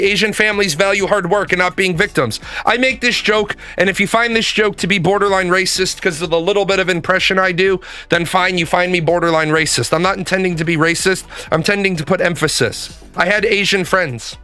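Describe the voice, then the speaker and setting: A man's voice: high voice, pushed and bright, clean tone. A man ranting in a casual, profane way, hammering his points home through repetition. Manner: emphatic, profane, repeats points for emphasis. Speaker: commentator.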